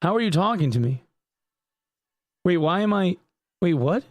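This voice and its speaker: A man's voice: sits high, expressive, normal speed, dry recording. A man streaming live, chatting casually with viewers, jokey and profane. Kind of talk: casual livestream chat.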